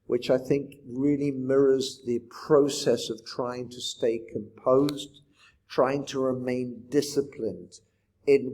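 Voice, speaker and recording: A man's voice: mid-range voice, dark tone. Reflective man lecturing on poetry. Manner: reflective, asks rhetorical questions. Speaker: teacher.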